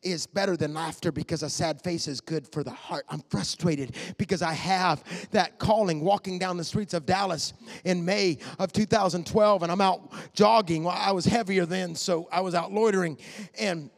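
A man, repeating phrases and building to shouts. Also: sits high, fairly even intonation, normal speed, creaky. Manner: impassioned, repetitive, rising to shouts. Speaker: preacher. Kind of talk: sermon.

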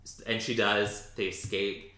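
A low-pitched man hosts a casual podcast chat with a bright, forceful edge to his voice. He rambles along with plenty of "um"s and restarts. The recording has an echoey room sound. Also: little pitch movement, unhurried. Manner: chatty, rambling, with many fillers. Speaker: podcast host recapping an episode.

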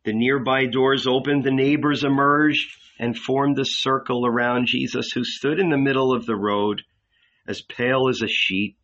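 A man reading a novel aloud in a calm, measured way, recorded lo-fi. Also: mid-range voice. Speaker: audiobook reader. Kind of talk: scripted narration of a novel. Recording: dull lo-fi recording.

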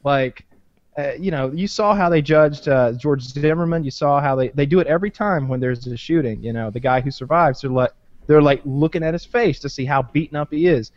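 A man's voice: fairly high pitch, brisk, darkish tone, dry recording, lo-fi sound. A man in casual, rambling podcast chat, swearing freely and leaning on fillers. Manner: profane, rambling, many fillers.

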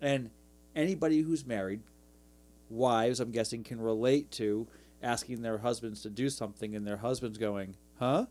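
A man in his thirties co-hosting a podcast and chatting casually. He talks in an earnest, reflective way, and his voice sounds warm and mellow. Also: medium pitch, fairly even intonation, moderate pace. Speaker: podcast co-host. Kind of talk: casual chat.

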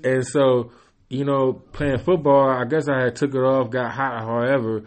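A man's voice: mid-range voice, little pitch movement, moderate pace. A man casually telling a long childhood story to a friend, rambling, swearing freely and often adding "you know what I'm saying". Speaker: storyteller in a live chat. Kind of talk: casual chat.

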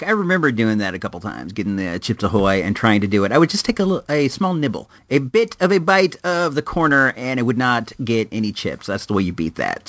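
An animated man telling a story to his podcast listeners, slipping into each side of an argument as he goes. His voice sits a little high, and the sound is close and dry. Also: no room sound. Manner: animated, acts out both sides of the argument. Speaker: podcast host. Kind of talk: casual storytelling.

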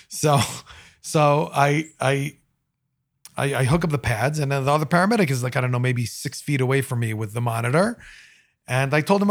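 A man, a paramedic, telling work stories in casual talk, animated and acting out what people said. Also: medium pitch, moderate pace. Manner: animated storyteller, acts out quotes.

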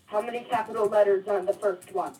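A man's voice: high-pitched, fairly even intonation, quick pace, a little mellow, distant mic, a little hiss or hum, natural voice, low-quality recording. A man playing a frightened young friend who is running at night, talking urgently over the phone and out of breath. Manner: breathless, urgent, whispering at times.

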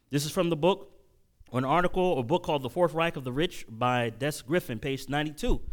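Male preacher, slightly higher voice, lecturing congregation; restarts often, swells to loud emphasis. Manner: builds to loud, emphatic bursts; repeats and restarts while reading quotes aloud. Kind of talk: sermon lecture.

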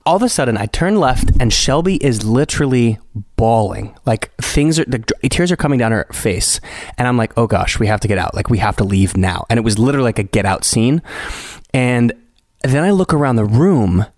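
A young adult man co-hosting a podcast, telling a story in casual chat, measured and a little wry. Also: mid-range voice, animated, a little mellow, no room sound, clean studio sound. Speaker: podcast co-host, husband.

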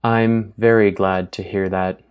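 A man voicing a calm caring car AI. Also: on the low side, clean tone, natural voice. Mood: gentle. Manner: slow, measured, gentle.

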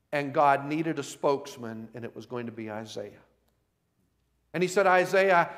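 A man preaching a sermon at a camp meeting, telling a story slowly and rising to impassioned, loud cries. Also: mid-range voice. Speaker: pastor.

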